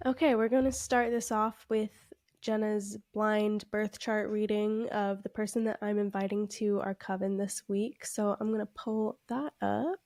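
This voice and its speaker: A congested woman co-hosting a podcast, chatting casually and filling her talk with "like". Her voice sits at an ordinary middle pitch. The sound is dry and close, with no room around it. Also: fairly even intonation, a little slow, a little mellow, no room sound. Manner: chatty, heavy use of "like" fillers, laughs often. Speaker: podcast co-host.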